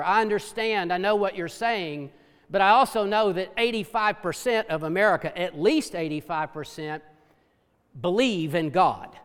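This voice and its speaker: A man preaching a sermon with passion, dropping to hushed low tones for emphasis. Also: normal speed, clean tone. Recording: long hall reverb.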